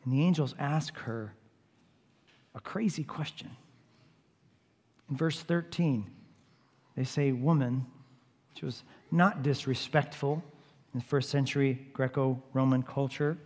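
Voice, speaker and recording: A man's voice: medium pitch, unhurried, long pauses, a little mellow. A man preaching a sermon, retelling a story vividly and repeatedly urging his listeners to imagine the scene. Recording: long hall reverb.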